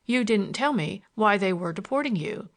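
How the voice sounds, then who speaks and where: A woman reading the lines of a smitten young gentleman in an audiobook, earnest and a little awkward. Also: mid-range voice, expressive, moderate pace, close to an everyday voice. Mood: gallant. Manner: earnest, gallant, slightly awkward.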